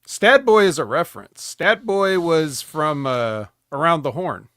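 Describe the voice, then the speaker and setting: A man's voice: on the high side, animated, unhurried, pushed and bright, no room sound. A man co-hosting a casual wrestling review show, dropping dry, joking asides. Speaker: podcast co-host.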